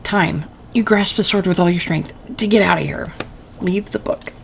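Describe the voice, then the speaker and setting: A woman's voice: on the low side, moderate pace, gravelly, slight background noise. A woman playing a story game, reading its text aloud and adding casual, wry comments of her own. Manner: casual, wry asides between read lines. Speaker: gaming channel host.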